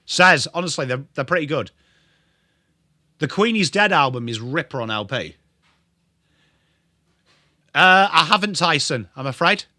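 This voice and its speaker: A man's voice: a little high, animated, measured pace, pauses often, sharp tone, no room sound, clean studio sound. A young English man hosting a live football watchalong, calling the play and greeting viewers in a chatty way. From England. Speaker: livestream host.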